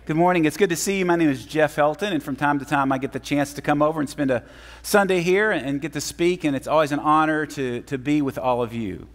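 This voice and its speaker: Man, guest preacher, sermon, friendly storyteller, slightly high voice, long church reverb. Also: fast. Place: church sanctuary.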